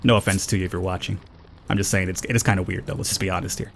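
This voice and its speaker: A man with a low voice giving rambling, casual commentary on a game he is playing, and chatting to the characters on screen. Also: animated, racing, vocal fry, slight background noise. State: panicked, high and urgent. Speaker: let's play gamer.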